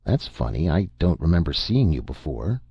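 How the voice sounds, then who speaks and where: Male reader does blunt young man, puzzled, gravelly and dry. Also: extremely low pitch, sing-song, moderate pace, dry recording, muffled recording, exaggerated voice.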